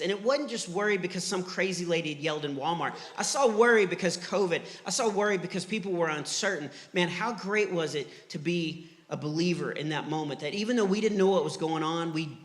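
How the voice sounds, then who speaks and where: Middle-aged guy from texas doing clean standup, bright voice a bit high, echoey church hall. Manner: animated storyteller acting out voices. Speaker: stand-up comedian. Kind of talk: clean stand-up comedy with faith message. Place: church hall before a live audience. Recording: live church hall reverb.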